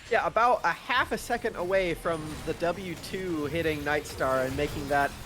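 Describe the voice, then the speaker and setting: A man in a somewhat high voice breaks down the match as color caster, chatty and loose, stopping to hunt for words. A faint hiss of noise sits under his voice. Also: normal speed. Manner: chatty, laughing, fumbling for words. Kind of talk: analytical color commentary.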